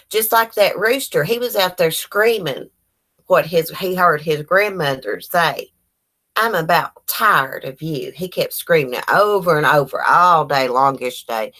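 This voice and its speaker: A woman, chatting casually on a livestream and telling animated stories full of quoted dialogue. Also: fairly low pitch. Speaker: livestream host.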